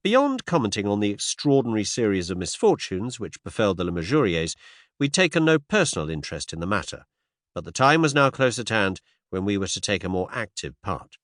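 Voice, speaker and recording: A man's voice: on the low side, big pitch swings, brisk, a bit bright, no echo. A man narrating a classic mystery story as a studio audiobook, told in the first person. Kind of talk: scripted narration.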